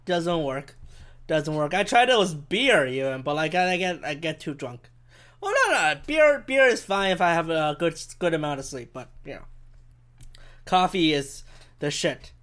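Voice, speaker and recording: At home in Vancouver, a podcast host rants solo, rambling, swearing and poking fun at himself, with a handheld mic held a bit too far from his face. His voice sits in the mid-range, a touch bright, with lively intonation at a normal pace.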